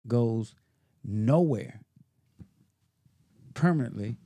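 Chatting casually on a podcast he co-hosts, a man tells a story and performs the lines he quotes. His mid-range voice is expressive, mellow, and husky, and he draws out his words.

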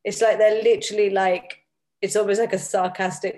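A woman's voice: mid-range voice, flat delivery, brisk, a little mellow. A woman from Britain talking casually as the client in a guided session. She laughs often and fills her speech with "like". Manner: laughs often, many fillers of "like". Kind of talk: casual chat.

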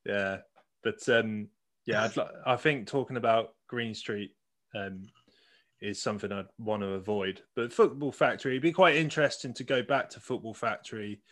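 A man's voice: fairly low pitch, normal speed, a bit bright. A man co-hosting a casual film podcast, chatty and laughing often. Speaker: podcast co-host. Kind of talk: casual chat.

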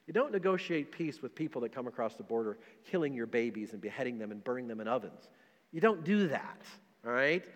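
A man's voice: fairly high pitch, fairly bright tone, big-room sound. A middle-aged man preaching a sermon as a pastor, passionate, repeating himself and asking rhetorical questions. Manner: impassioned preaching with frequent repetitions and rhetorical questions.

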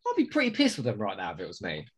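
A man's voice: on the low side, racing. Guy co-hosting a podcast, bouncy up-and-down voice, bit of hiss behind. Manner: excitable, swears freely, jokes about impressions. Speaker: podcast co-host. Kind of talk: casual chat.

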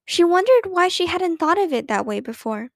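A woman narrating a children's book aloud in a gentle, expressive way. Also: very high voice, moderate pace, no room sound.

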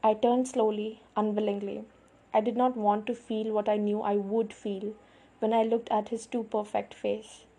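Female audiobook narrator: measured first-person storytelling, dark breathy tone. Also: mid-range voice, flat delivery. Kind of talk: first-person novel reading.

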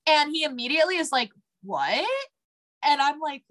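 A young woman co-hosting a podcast, telling stories in a blunt, profane, animated way. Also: high voice, quick pace. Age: young adult. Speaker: podcast co-host. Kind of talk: casual chat.

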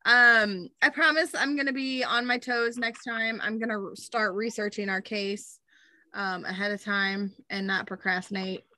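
A woman's voice: medium pitch, moderate pace, dry recording. A young woman co-hosting a podcast in casual chat, talking with lots of "um"s and telling stories with animation. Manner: chatty, many "um"s, animated storytelling. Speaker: podcast co-host.

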